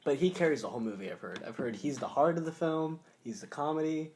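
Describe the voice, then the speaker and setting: A man's voice: a little high, lively intonation, fast, darkish tone, slight background noise. A man hosting a casual podcast chat, joking and breaking into put-on voices. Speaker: podcast host.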